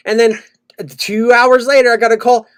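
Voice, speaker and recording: This podcast co-host has a very high, clear, resonant voice and keeps a moderate pace. He rants, swears a lot, and tells stories with animation in casual, profane chat.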